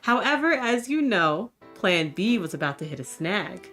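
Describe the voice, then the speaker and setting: A woman's voice: mid-range voice, sing-song, moderate pace, fairly bright tone. A woman reading the lines of a sly male con-artist narrator in a wry, self-assured storytelling manner, with faint music behind. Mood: scheming.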